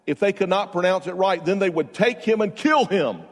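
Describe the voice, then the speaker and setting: A man preaching a sermon, telling stories with bursts of loud emphasis and quiet asides. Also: sits high, animated, normal speed. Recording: long reverb of a large hall.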